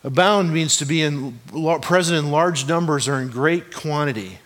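A man's voice: a little high, normal speed, fairly bright tone. A man, a pastor, delivering a sermon in a conversational, joking way and often asking the congregation rhetorical questions. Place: church hall before a congregation.

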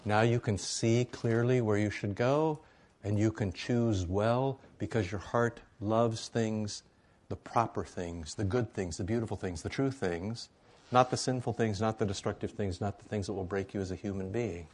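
Conversational male preacher, low voice. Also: moderate pace, darkish tone. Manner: conversational, asks congregation "right?". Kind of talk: sermon.

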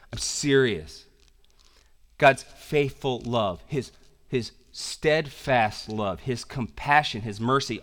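A man preaching a sermon as pastor. He swings between loud emphatic passages and quiet, intense ones, with casual slang in his asides. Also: mid-range voice.

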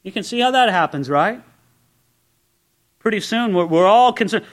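A man preaching a sermon in a conversational way, full of rhetorical questions, swinging between excited raised asides and low, quiet emphasis. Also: brisk. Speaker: pastor.

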